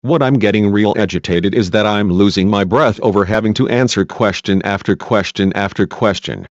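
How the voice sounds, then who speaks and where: An agitated, worn-out female witness, read by a man in his own low voice, snapping back and defiant. The recording is dull and lo-fi with a dry close sound. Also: moderate pace, dry recording, close to an everyday voice. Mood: exasperated.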